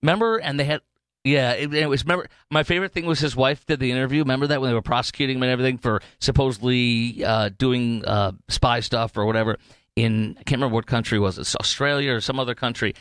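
A male talk show host rants in a heated, rambling monologue, stumbling through restarts and fillers. His voice sits at a middle pitch and is recorded close and dry. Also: fast, a bit bright, clean tone, no room sound.

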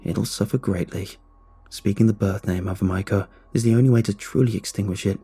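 A man voicing a stern, resolute old grandmother who speaks slowly, low and calm. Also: husky. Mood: calm, grim. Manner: slow, low, quietly menacing delivery.

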